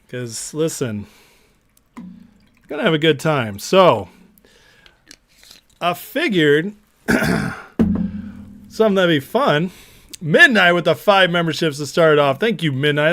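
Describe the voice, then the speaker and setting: A man's voice: on the high side, a bit bright. A man hosting a casual livestream watch party, upbeat and chatty, reading viewers' names aloud. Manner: upbeat, reads chat names aloud rapidly. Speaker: livestream host.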